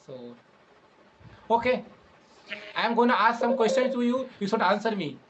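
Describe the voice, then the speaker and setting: A man's voice: extremely high pitch, very animated, normal speed, lo-fi sound, background noise. A man in his twenties from India with an Indian English accent, an English trainer who patiently repeats and rephrases his questions. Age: 20s. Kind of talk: casual English practice conversation.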